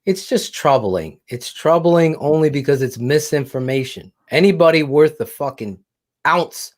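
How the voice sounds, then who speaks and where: A man's voice: a little high, lively intonation, normal speed. A man co-hosting a sports podcast in casual talk, brash and boastful, swearing heatedly. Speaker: podcast co-host.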